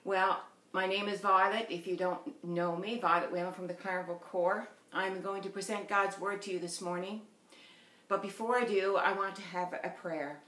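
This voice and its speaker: Woman lay preacher, Newfoundland accent, steady earnest sermon, echoey church sound. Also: mid-range voice, normal speed. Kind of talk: sermon with storytelling. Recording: roomy church echo.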